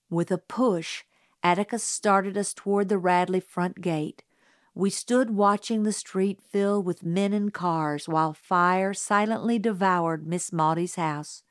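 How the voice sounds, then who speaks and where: A woman narrating a novel in the first person, slow and unhurried, on a close studio mic. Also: fairly low pitch, dry recording. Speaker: audiobook narrator.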